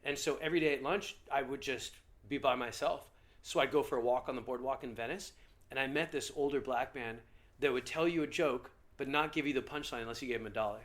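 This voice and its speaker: A male comedian guest telling stories in a casual podcast interview with an animated, lively manner. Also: mid-range voice, fast talker.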